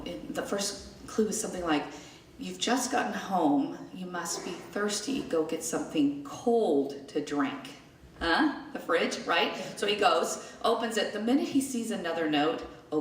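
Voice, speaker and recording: A middle-aged woman telling a personal story to a live audience in a chatty, animated way, acting out the people in it. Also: medium pitch. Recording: echoey room, mic at a distance, faint noise.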